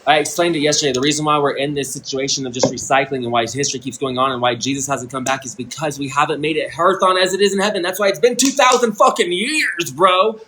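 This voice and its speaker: A man's voice: mid-range voice, fairly even intonation, fast talker, few pauses, background noise. A man in his thirties livestreaming a rambling, intense monologue, swearing often and restarting his sentences. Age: 30s. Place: indoor room.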